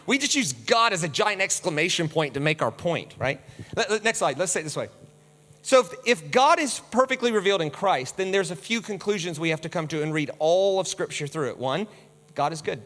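A man preaching a sermon with slides, animated, who acts out the voices he quotes with big swings. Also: a little high, brisk. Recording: long hall reverb.

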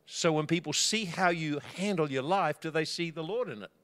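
Man preaching with lively storytelling. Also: moderate pace. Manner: storytelling, acting out quotes with big swings of pitch and loudness. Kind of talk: sermon.

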